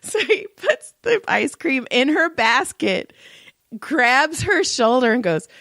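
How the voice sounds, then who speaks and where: A woman's voice: high voice, very animated, slow pace, creaky, fairly bright tone, no room sound, clean studio sound. A young adult woman telling stories in casual chat, laughing often, her vocal cords strained. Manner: chatty storyteller, laughs often. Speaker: podcast co-host.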